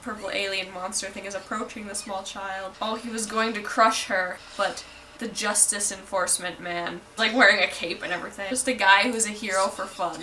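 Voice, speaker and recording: Bright-voiced chatty woman reacting to anime. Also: medium pitch, steady tone, normal speed, far from the mic, poor audio. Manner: chatty, lots of "like", wry asides. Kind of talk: casual reaction commentary. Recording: voice a bit off-mic with faint noise.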